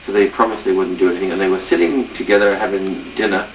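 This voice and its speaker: A man's voice: deep voice, fast talker, slight background noise. A middle-aged man rambling through a long joke, full of "uh" and "he said", on a lo-fi home video. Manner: rambling storyteller, many "he said" and "uh"s. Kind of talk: telling a joke. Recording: echoey lo-fi home video from far off.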